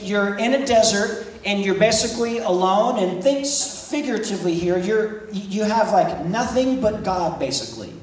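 High-voiced preacher in an echoey room. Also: male voice, lively intonation, normal speed, hardly any pauses, far from the mic. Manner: conversational preaching, repeats words and restarts. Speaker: pastor. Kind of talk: evening sermon with scripture reading. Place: church service in a room. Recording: echoey room, speaker off-mic, faint noise.

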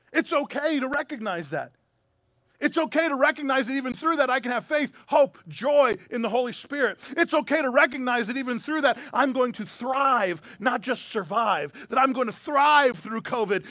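A man's voice: very high-pitched, bright, forceful tone, no echo. A male American pastor preaching a sermon in a conversational way, with humorous asides, during a streamed church service. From United States.

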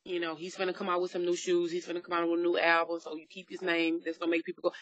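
A woman's voice: lowish voice, very fast, lo-fi sound. A middle-aged woman in casual chat, talking bluntly and telling stories with lots of profanity. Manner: blunt, profane, animated storytelling.

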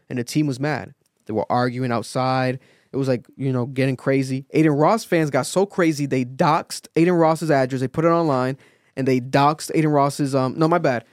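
A male podcast host in casual chat, telling a story with lively acted-out quotes and plenty of swearing. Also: a little high, fairly quick, no echo, studio quality. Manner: animated storytelling, acts out quotes, swears freely.

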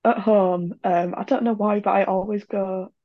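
A woman's voice: medium pitch, steady tone, normal speed, highs cut off. A woman chatting as a podcast guest, giggly and hesitant with frequent ums. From Yorkshire, England. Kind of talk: casual chat.

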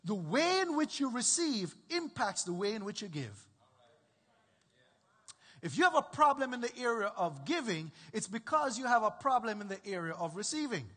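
A man's voice: high voice, big pitch swings, normal speed, sharp tone, big-room sound. A man preaching a sermon as pastor, emphatic and repetitive, often checking in with his listeners.

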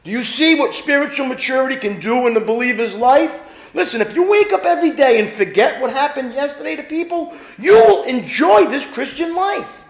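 High-voiced animated male pastor. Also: a little fast, roomy sound. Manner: animated preaching, rhetorical questions to the congregation. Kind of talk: sermon.

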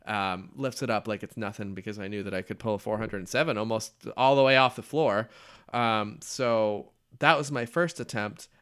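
Male podcast host, animated storyteller who swears freely, casual delivery. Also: lowish voice, moderate pace, clean tone.

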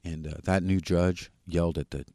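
Low, mellow man telling his story. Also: fairly even intonation, dry recording, studio quality. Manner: candid, plain-spoken, halting with restarts. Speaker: podcast guest. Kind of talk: personal recovery story in an interview.

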